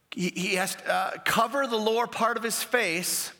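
A male pastor preaching a sermon, animated and emphatic, often repeating key phrases. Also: high voice, normal speed, few pauses, big-room sound.

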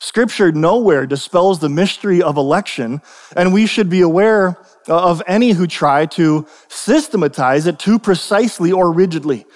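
A fairly high-voiced young man preaching in a church hall, talking casually and stopping often to ask "right?". His voice trails off in a long hall reverb. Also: normal speed, darkish tone. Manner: conversational, repeats and restarts, asks "right?". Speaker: pastor. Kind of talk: sermon.

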